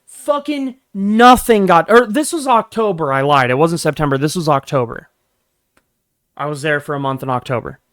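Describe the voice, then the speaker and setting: A young man telling a workplace story in a casual, profane, animated rant, swinging between low mutters and loud bursts. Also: fairly quick. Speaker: vlogger.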